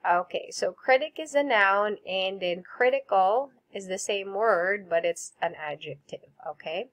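Slow, clear woman teacher drilling vocabulary. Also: mid-range voice. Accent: Filipino English. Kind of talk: recorded vocabulary lesson.

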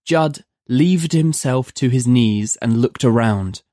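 A narrator reading a dark horror story aloud in a measured, vivid storytelling manner. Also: medium pitch, no echo, studio quality. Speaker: narrator of a horror audio drama.

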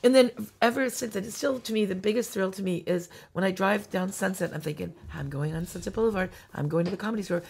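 A woman comedian telling animated stories in a casual chat, acting out the people she quotes. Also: mid-range voice, fast talker, gravelly, hardly any pauses, a little hiss or hum. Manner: animated anecdotes with acted-out quotes. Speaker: guest comedian.

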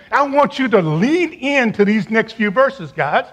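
High-voiced older man preaching. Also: animated, measured pace. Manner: emphatic preacher who repeats key phrases and drops to a quiet, intimate tone. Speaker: retired campus minister preaching at a university chapel. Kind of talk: sermon.

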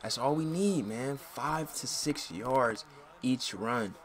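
A man's voice: mid-range voice, takes it slowly. Slangy young man ranting over gameplay. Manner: slangy, frustrated, yells and curses at the game. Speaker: gaming channel host. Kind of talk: casual gameplay commentary.

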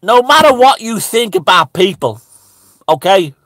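A man playing a bigoted, stammering preacher who rambles indignantly and breaks into high shouts. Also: very animated, a little slow, no room sound, heavily acted. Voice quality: stammering, repeating words. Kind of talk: satirical character monologue.

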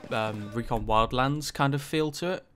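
Over faint background noise, a man who hosts a gaming channel rambles through casual gameplay commentary in a mid-range, fairly bright voice. He keeps a moderate pace, throwing in lots of ums and likes and the occasional swear word.

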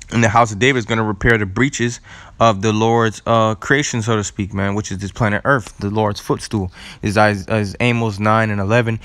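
A man with a low voice teaching scripture. He works through words slowly and deliberately, repeating them, and drops in relaxed asides as he goes. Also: dry recording. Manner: casual asides with "all right" and "man". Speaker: religious teacher. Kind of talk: scripture teaching and word study.

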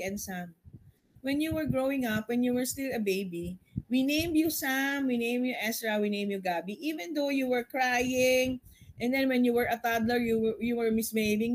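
A woman's voice: fairly high pitch, rough recording. A middle-aged woman with a Filipino accent, teaching a Bible study in an earnest, explanatory way. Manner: switches between English and Tagalog, earnest and explanatory.

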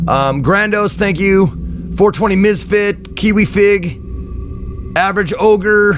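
A man's voice: high-pitched, slow, over loud music. A man streaming a game live, rambling and chatty, thanking viewers and swearing freely. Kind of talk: casual live-stream chat.

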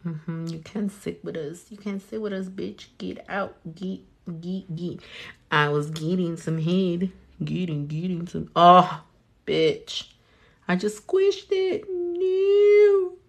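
This nail artist's voice is fairly low and breathy-edged, creaky yet a bit bright, with fairly even intonation and a slow pace. She's a young woman filming herself doing her nails, chatty and profane, muttering to herself and her hands and tossing in bits of Spanish as she vlogs.

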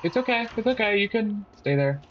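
A man's voice: high voice, expressive, fairly quick, lo-fi sound. A man commenting on his own horror game play, talking to himself, panicking and yelping at scares, and taunting enemies. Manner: jumpy, panicky yelps, self-talking, taunting. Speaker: gameplay commentator.

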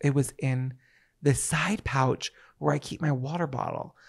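Animated gossiping male podcast co-host. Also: mid-range voice, unhurried, vocal fry. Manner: animated storyteller, swings into loud sassy quoted voices. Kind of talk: casual chat.

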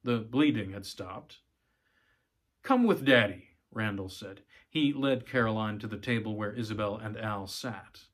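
A man's voice: lowish voice, steady tone, moderate pace, few pauses. A man narrating a short story, reading with occasional small stumbles and giving the characters' lines a livelier delivery. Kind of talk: audiobook-style story reading.

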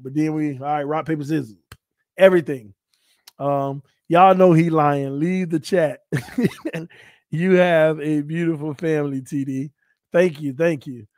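A man from Florida hosts a sports livestream and banters with his chat. He jokes and trash-talks with a slightly high voice. The sound is close and dry, with no room echo. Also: darkish tone. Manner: playful trash talk, laughing, reading chat aloud. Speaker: sports talk livestream host. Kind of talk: casual live-chat banter.

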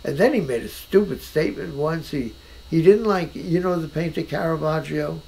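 An older man, a painter, talking at home about art in an animated and emphatic way, often restarting his sentences. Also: a little high, normal speed, creaky, low-quality recording. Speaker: painter being interviewed. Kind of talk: casual conversation. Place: his own house.

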